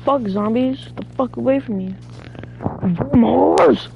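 A woman's voice: a little high, brisk. A woman gamer in casual chat while playing co-op zombies, bossing her teammate around with profane trash talk. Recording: dull lo-fi audio with faint music.

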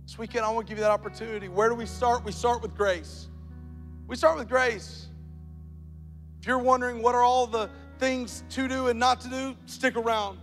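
A man preaching a sermon as pastor, telling a story and building to loud, emphatic points. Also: very high voice, fairly even intonation, fast talker, hardly any pauses. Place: large church auditorium. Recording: church hall reverb with soft music.

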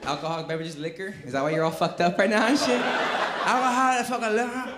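A high-voiced male comedian works the crowd, teasing audience members with constant profanity. He sounds echoey, recorded live in a comedy club with loud audience noise around him. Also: expressive, very fast. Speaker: stand-up comedian. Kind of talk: stand-up crowd work.

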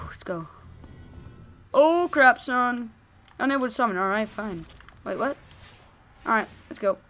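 Excitable young woman gaming commentator. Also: on the high side, a little slow, pauses often, soft background music. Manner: excitable, gushing, shouts during fights. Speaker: gaming video host.

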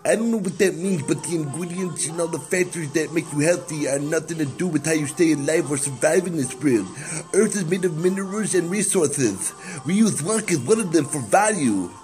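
High-voiced young man rambling erratically. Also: fairly quick, soft background music, low-quality recording. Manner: erratic, rambling, with sudden loud excited swings. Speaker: vlog host. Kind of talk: rambling self-recorded vlog.

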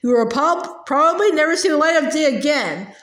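A woman's voice: sits high, lively intonation, fairly quick, fairly bright tone. A woman voicing a furious, ranting female headmistress who roars threats, in an echoey room. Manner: roaring, threatening.

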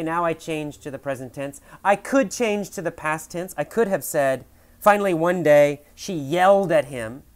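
Guy teaching english, tells a little story slow w/ big emphasis then explains it patiently. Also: on the high side, fairly bright tone. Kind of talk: mini story English lesson.

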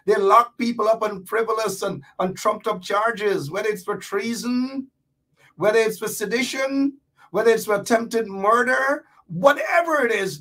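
A man's voice: high-pitched, a bit bright. A man, a guest on a talk show, speaking in a fiery, mocking way and building emphatic lists. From Guyana. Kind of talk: heated talk show call. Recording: voice a bit far from the mic.

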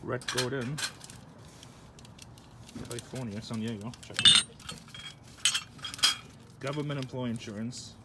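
A man at a middle pitch gives casual commentary, calling out one label after another in short, clipped bursts and tossing in half-mumbled asides. He is filmed on a handheld phone indoors, and loud clinking and handling noise runs under his voice throughout. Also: a little slow, pauses often. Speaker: vlogger showing a collection. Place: indoors at a shop.

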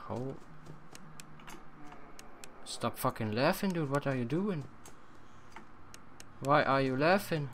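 A young man doing horror game commentary at home on a desk mic, swearing often and yelling at jump scares. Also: medium pitch, animated, slow pace, pauses often, slight background noise. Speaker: let's play gamer.

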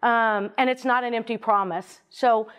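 A woman's voice: a little high, steady tone, normal speed, fairly bright tone, clean tone. A woman speaking earnestly and conversationally to a parish audience, with many fillers and restarts. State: briefly choked up. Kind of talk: casual faith talk to a parish audience.

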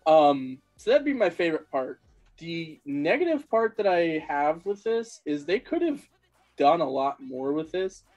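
A man's voice: fairly high pitch, very animated, unhurried, darkish tone, muffled recording, soft background music. A man talking as a guest on a casual podcast, upbeat and laughing often.

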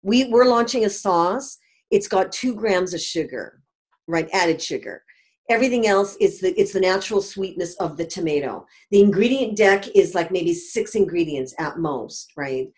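A woman's voice: fairly low pitch, lively intonation, moderate pace, a little mellow, husky. A middle-aged Canadian woman, a company founder, talking emphatically in a podcast interview and often checking in with "right?". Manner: emphatic, tags statements with "right?".

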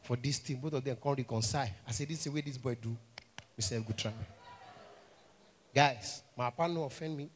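A young man with a Nigerian accent doing a stand-up comedy set, telling animated stories in a mix of Pidgin and English and acting out characters. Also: medium pitch, a little fast, pauses often. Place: stage at a live show.

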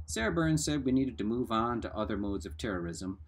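A man's voice: lowish voice, brisk, husky. Man reading a novel aloud. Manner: steady reading with small self-corrections.

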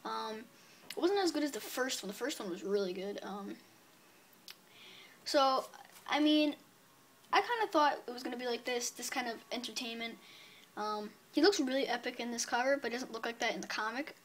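A woman's voice: fairly high pitch, expressive, moderate pace, long pauses. A woman casually reviewing her comic book purchases on video, chatty and upbeat, rambling with many fillers.

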